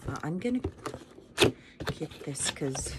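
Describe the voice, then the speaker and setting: A woman's voice: low-pitched, expressive, slow pace, very noisy. A Filipino woman vlogger chatting casually as she unboxes gifts at home, giggling and playful. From Philippines. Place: home in Japan.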